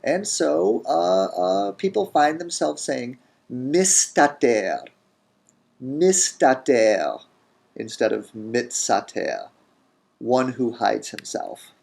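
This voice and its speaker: A man teaching a grammar lesson in a recorded lecture, deliberate, saying each word form slowly and repeating it. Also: mid-range voice, animated, vocal fry, a little mellow, slightly rough. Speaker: language teacher.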